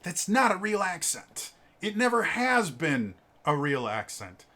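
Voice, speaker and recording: A man talks through a tabletop game book in a loose, unscripted review, his voice sitting a little high with a bright, sharp edge. He stumbles often, repeating sounds and piling up fillers, and comes across opinionated and fed up. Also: very animated. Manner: halting, many fillers and stammered repeats; opinionated, exasperated about stereotypes. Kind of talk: casual spoken review.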